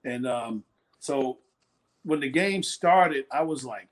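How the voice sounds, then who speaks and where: A man's voice: medium pitch, slow. A man in his sixties, a former ballplayer, telling stories in a casual interview and acting out the voices of people he quotes. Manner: animated storyteller, acts out quoted voices. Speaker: former pitcher, guest.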